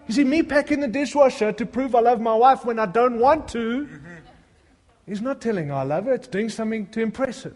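A man's voice: very high-pitched, brisk, a little mellow, long reverb tail. A middle-aged male pastor preaching a sermon, mixing humorous, self-deprecating stories with fervent appeals to the congregation.

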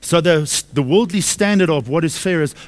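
A pastor with a slightly high voice preaches a sermon to his congregation during a church service. He speaks at a moderate pace and delivers it emphatically, repeating key phrases and putting questions to the people in the pews.

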